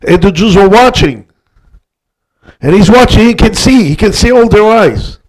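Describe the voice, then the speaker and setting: An older man, a guest rabbi, telling a story in an emphatic way that swings between hushed passages and loud peaks. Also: high voice, animated, moderate pace. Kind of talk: dramatic storytelling talk.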